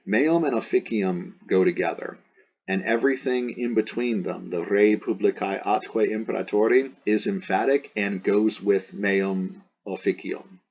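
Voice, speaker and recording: A man's voice: low-pitched, a little mellow, slightly rough, highs cut off. A man teaching Latin in a casual style, explaining step by step and thinking aloud as he tries several translations for each word.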